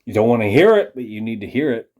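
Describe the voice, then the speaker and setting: An angry man in a profane, condescending rant aimed at his audience. His mid-range voice drops to low muttering, then bursts out loud. He swears constantly and scolds his listeners. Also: sing-song, fast talker. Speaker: vlogger. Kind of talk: ranting monologue to camera.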